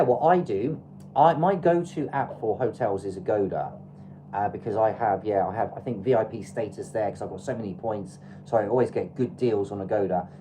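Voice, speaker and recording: Very deep-voiced English woman, chatty. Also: dark tone, slight background noise, low-quality recording. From England. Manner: chatty, advice-giving, loose with fillers. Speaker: travel livestream host. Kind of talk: casual livestream chat.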